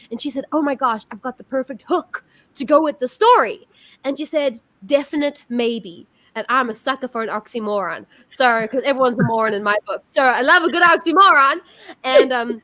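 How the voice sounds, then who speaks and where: Bright, high woman host. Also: no room sound. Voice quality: bubbly, gushing. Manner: chatty with many fillers and restarts. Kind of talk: casual chat.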